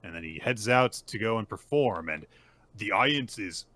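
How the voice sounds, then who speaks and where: A man co-hosting a podcast, casually recapping manga chapters and acting out the lines with quick character voices. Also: lowish voice, a crowd in the background. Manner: animated retelling with put-on character voices. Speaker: podcast co-host.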